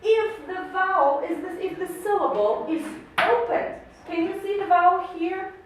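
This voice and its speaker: A woman's voice: extremely high pitch, moderate pace, noisy background. A woman teaching an English lesson to a class, patient and encouraging, explaining with lots of questions. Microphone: camera mic from across the room. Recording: echoey classroom from far off.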